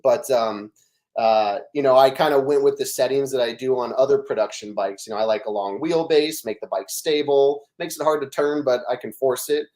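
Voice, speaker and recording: Middle-aged guy on a podcast, rambly animated storyteller, ordinary mid pitch. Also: normal speed. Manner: animated storytelling, fillers and restarts. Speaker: podcast guest. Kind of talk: casual chat.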